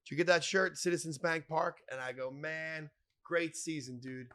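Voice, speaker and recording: A man telling wild stories as a podcast guest, animated and profane, acting out other people's lines. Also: a little high, normal speed. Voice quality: animated, profane, acts out quoted voices. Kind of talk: casual storytelling.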